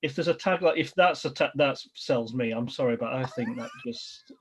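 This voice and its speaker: A man's voice: medium pitch, normal speed, slight background noise. A man hosting a podcast interview in a casual, rambling way, often restarting his sentences. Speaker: podcast host. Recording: dull lo-fi recording.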